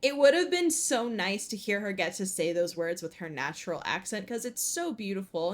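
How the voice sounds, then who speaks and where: A woman streamer giving live gameplay commentary in a passionate, animated, ranting way. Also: mid-range voice, moderate pace, hardly any pauses.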